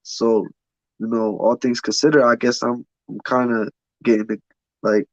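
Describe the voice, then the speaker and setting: A man's voice: medium pitch, flat delivery, normal speed, dry recording. A man in an interview telling his life story candidly, emphatic and profane, often repeating words as he restarts. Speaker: interview guest. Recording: dull lo-fi sound, dry.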